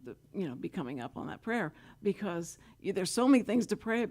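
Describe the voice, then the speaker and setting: A woman's voice: mid-range voice, very animated, a little fast, a little mellow. A woman hosting a casual radio talk show, chatty and rambling, often giggling. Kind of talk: casual radio interview chat.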